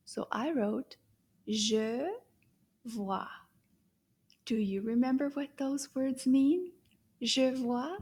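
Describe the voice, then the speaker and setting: Woman, kids' French teacher, slow and animated, warm husky voice, playful whispers. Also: high voice. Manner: animated, gasps and whispers to a puppet; slow, drawn-out repetition for children. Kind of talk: children's language lesson.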